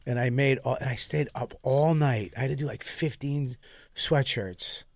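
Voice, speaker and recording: A man's voice: medium pitch, moderate pace, creaky, no echo. Profane man telling stories. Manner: profane, laughing storyteller. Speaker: podcast co-host. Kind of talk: casual chat.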